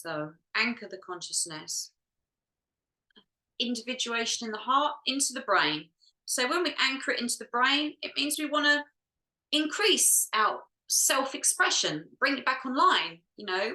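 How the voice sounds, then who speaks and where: A woman guides a group healing session in a bright, clear voice, checking each step aloud in a soft, musing way. She sounds close to tears at times. The room around her is echoey. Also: a little high. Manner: soft, musing, talks to herself while checking. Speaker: energy healer.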